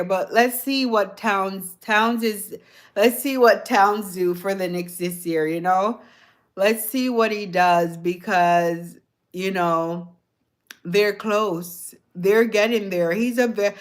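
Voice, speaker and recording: A woman's voice: medium pitch, takes it slowly. A woman with a light Jamaican accent rambling casually to her live viewers, chuckling often and asking them questions. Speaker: livestream host.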